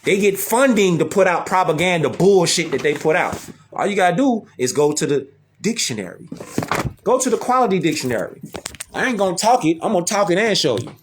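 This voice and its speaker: A man's voice: sits high, big pitch swings, fairly quick, slight background noise. A man giving emphatic commentary, firing off rhetorical questions. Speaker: host reacting to a clip. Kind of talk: animated commentary.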